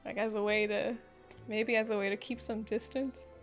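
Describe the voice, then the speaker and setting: A woman's voice: mid-range voice, steady tone, moderate pace, faint music behind. A young woman reacting to an anime episode in casual commentary, emotional and exclamatory, thinking aloud with lots of "like".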